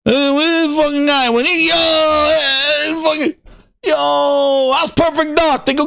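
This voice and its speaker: A fired-up man with a high, bright voice rants about games, his pitch leaping all over as he swears and repeats himself. The sound is close and dry, with no room around it. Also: steady tone, a little slow, gravelly, no echo. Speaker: podcast host. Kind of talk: profane ranting gaming commentary.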